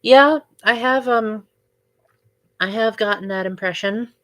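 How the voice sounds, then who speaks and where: A woman's voice: fairly high pitch, measured pace, fairly bright tone. A young woman hosting a casual livestream, chatting with viewers and filling her talk with "like" and "um". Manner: chatty, frequent "like" and "um" fillers. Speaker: livestream host.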